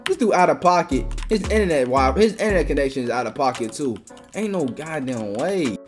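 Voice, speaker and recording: A woman giving profane, excitable live commentary while playing a game, swinging from low mutters to sudden outbursts. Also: a little fast, faint music behind. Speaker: gaming channel host.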